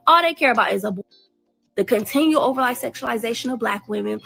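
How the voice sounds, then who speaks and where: A woman's voice: fairly high pitch, quick pace, creaky, fairly bright tone, faint music behind. A woman giving sarcastic, slangy commentary. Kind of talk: satirical commentary.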